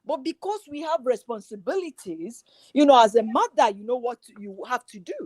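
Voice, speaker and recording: A woman of middle age speaks in a high voice that sits dry and close to the mic. She tells her stories with energy and acts out what people said. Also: moderate pace, dry recording. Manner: animated storytelling, acting out quoted dialogue. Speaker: guest on a relationship talk show. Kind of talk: casual chat.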